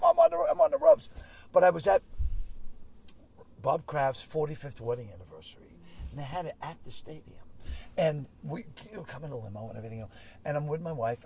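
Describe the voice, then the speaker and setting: An older man, a comedian telling excitable stories in a car, full of exclamations and restarts. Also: fairly high pitch, fast, creaky. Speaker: comedian guest. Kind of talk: storytelling in casual chat. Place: inside a moving car. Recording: car cabin road noise.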